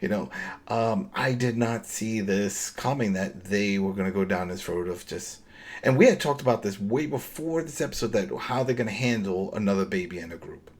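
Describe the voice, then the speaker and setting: A man's voice: on the low side, lively intonation, moderate pace, darkish tone. A man co-hosting a podcast, recapping a TV episode in casual chat, rambling and acting out the characters' lines. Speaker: podcast co-host.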